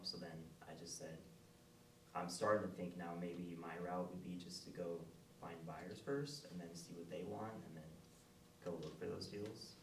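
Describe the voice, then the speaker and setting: A young man with a very deep voice answers slowly and nonchalantly, filling pauses with likes and ums. He sounds distant from the microphone in an echoey room, with faint background noise. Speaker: new investor asking for advice. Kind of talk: hesitant answers in a live group session.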